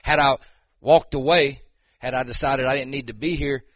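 A man's voice: mid-range voice, steady tone, moderate pace, a bit bright, dry recording, muffled recording. A middle-aged man, preaching a casual, conversational sermon with frequent "okay?" and "right?" checks to his listeners. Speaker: lay preacher and wrestling coach.

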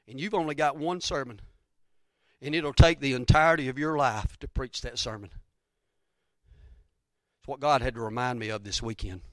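A man's voice: medium pitch, normal speed, a bit bright, no room sound, clean studio sound. A man preaching a sermon in a church, folksy and rambling, with repeated phrases and asides to the congregation. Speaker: pastor. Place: church sanctuary.

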